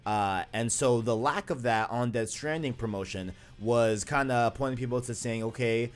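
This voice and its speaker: A man's voice: mid-range voice, normal speed. A man hosting a casual gaming news video, chatting loosely with many fillers and restarts.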